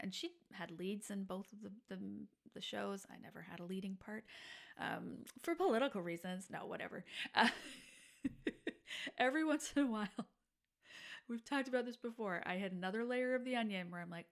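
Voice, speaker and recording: A woman's voice: mid-range voice, lively intonation, moderate pace. Candid woman podcaster, reflective monologue. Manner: candid, reflective, drops to soft breathy whispers at times. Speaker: podcast host. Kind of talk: personal storytelling monologue.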